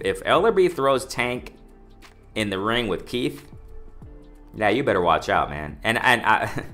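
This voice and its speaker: Excited man doing boxing commentary. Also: deep voice. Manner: excited, repetitive, addresses "ladies and gentlemen", many restarts. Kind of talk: casual commentary monologue.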